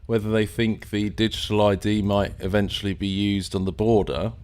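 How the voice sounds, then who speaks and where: Low-voiced English man hosting a live stream. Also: fairly even intonation, normal speed, darkish tone, clean tone. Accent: English, near London. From England, near London. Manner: rambling, hesitant, many fillers and restarts. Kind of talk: casual live-stream commentary.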